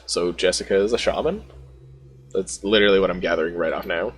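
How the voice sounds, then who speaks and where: A man's voice: sits low, brisk, breathy edge. A man hosting a let's play, making self-deprecating asides while reading a game aloud. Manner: self-deprecating asides between read lines. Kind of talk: casual gameplay commentary.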